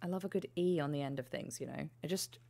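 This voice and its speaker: A woman streams a video game, chatting playfully and swearing freely as she plays. Her voice sits a bit low for a woman. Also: fast talker, vocal fry, mellow. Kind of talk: casual gameplay commentary.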